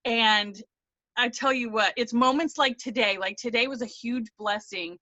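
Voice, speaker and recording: A woman on a video call, a team member, shares her story in an emotional testimonial, earnest and near tears, rambling and restarting. Her voice is a little high, bright and forceful at a moderate pace, and the audio is dull with no echo.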